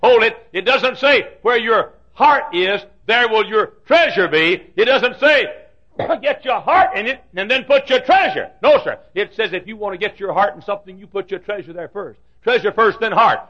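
A man in his fifties preaching a sermon in a folksy, joking way, repeating himself and bursting into shouts. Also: high-pitched, animated, normal speed. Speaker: pastor. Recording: dull lo-fi recording.

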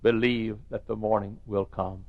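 A male pastor preaching a sermon in a church, swinging from near-whispers to shouts. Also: lowish voice, flat delivery, moderate pace, dry recording, narrow, tinny audio. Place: church sanctuary.

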